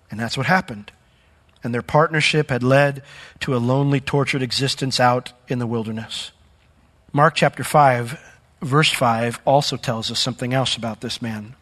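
A man preaching a sermon as pastor, telling a story with big swings between loud emphasis and quiet asides. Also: a little high, moderate pace. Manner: animated storytelling with dramatic swings in volume.

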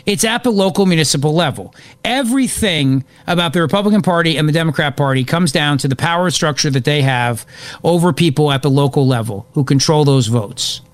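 A man hosting live political talk radio, excitable and opinionated, rambling as he reacts to events. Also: on the high side, fairly quick, no room sound. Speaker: radio talk show host.

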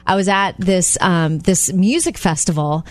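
A woman's voice: on the low side, unhurried, a little mellow, dry recording. A woman co-hosting a radio show, telling stories in casual chat with frequent laughs and giggly asides. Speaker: radio co-host.

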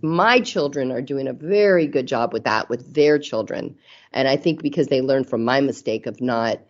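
Earnest middle-aged woman, low and muffled. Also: a little mellow. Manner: earnest, reflective, acts out quoted mom voices. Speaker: guest. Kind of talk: casual chat about parenting.

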